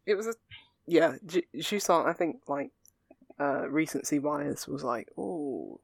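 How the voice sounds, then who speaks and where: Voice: medium pitch, animated, unhurried, vocal fry, no room sound. A young adult, a podcast co-host in casual chat who rambles earnestly through fillers and restarts. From England.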